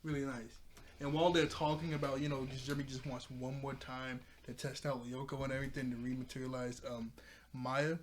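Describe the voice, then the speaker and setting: A man talking through a show recap in a loose, rambling way. His voice sits at an ordinary middle pitch. He keeps breaking into laughter and filling gaps with "you know" and "like". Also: level tone, a little fast, slight background noise. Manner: rambling, laughs often, paraphrases characters loosely. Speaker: show reviewer. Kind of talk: casual episode recap.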